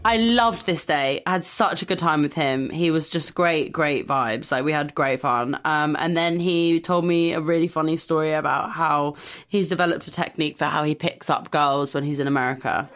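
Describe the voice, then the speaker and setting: A woman's voice: deep voice, normal speed, fairly bright tone, soft background music. A woman with a London accent hosting a podcast, chatting candidly and laughing often as she tells stories. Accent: London English. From England. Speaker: podcast host. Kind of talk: casual chat and storytelling.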